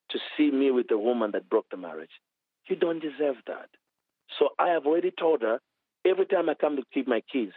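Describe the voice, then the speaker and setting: A man minister telling a lively testimony in an interview, acting out quoted dialogue as he goes. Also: fairly high pitch, dry recording, phone-quality sound. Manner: animated storytelling with quoted dialogue. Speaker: minister, author.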